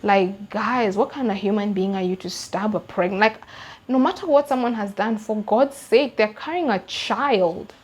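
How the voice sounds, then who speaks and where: A young Kenyan woman with a Kenyan English accent recounting a true-crime case in an animated, slangy, emphatic way. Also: medium pitch, moderate pace. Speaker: YouTuber. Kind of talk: true-crime storytime vlog.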